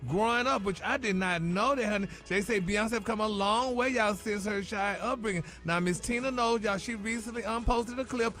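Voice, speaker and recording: A sassy man dishes celebrity gossip on morning radio, tossing in "honey" and "y'all" all the time. His voice is high and chatty, and soft music runs under it. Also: brisk, hardly any pauses.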